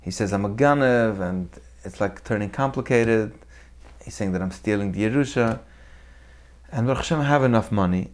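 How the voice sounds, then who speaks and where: Animated male Torah storyteller. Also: lowish voice, normal speed. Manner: animated storyteller who acts out the people in his tales. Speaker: Torah teacher. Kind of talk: weekly Torah talk with storytelling.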